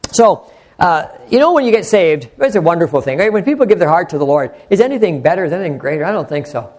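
A man's voice: fairly high pitch, animated, very fast, a little mellow. An older man preaching an earnest, conversational sermon, rambling with frequent restarts. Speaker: pastor.

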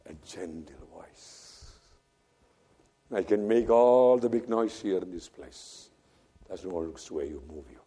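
A man preaching a sermon, swinging from loud fervent cries to hushed near-whispers and repeating phrases for emphasis. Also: low voice, takes it slowly, long pauses, husky.

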